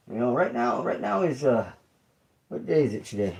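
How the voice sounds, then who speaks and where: A man's voice: a little high, a little fast, creaky, poor audio. A man hosting his own livestream, talking loosely and conversationally, repeating phrases and asking listeners "you feel me?". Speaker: YouTube creator and livestream host. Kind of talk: casual livestream monologue.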